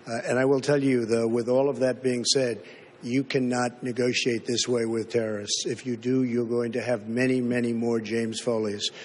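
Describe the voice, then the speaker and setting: A man's voice: medium pitch, flat delivery, normal speed, darkish tone, big-room sound. A man answering at a debate, emphatic and repetitive, pressing on over interruptions. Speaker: presidential debate candidate. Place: large debate hall.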